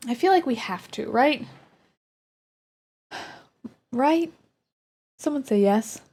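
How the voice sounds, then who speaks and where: This American woman streams and chats casually with her viewers, breaking into baby talk to coo at her dog between topics. Her voice sits high and sounds animated, with a slow delivery and a darkish tone.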